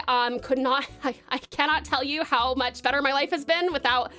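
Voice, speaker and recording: Bubbly high-voiced Australian woman streamer. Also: steady tone, moderate pace, hardly any pauses, pushed and bright. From Tasmania, Australia. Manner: bubbly and gushing, many fillers and restarts. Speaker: livestreamer. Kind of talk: casual live-stream chat with viewers.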